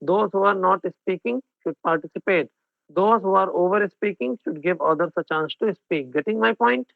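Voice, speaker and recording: A man's voice: high voice, normal speed, creaky, dry recording. A man with an Indian English accent teaching an exam-prep class, mixing Hindi and English and often checking in with his students. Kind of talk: online class lecture. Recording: phone-like narrow band, dry.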